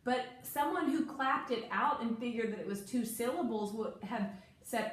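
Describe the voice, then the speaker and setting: A woman giving a one-on-one reading lesson, brisk and corrective as she prompts a child. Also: fairly high pitch, expressive. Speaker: reading tutor. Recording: echoey room with faint noise.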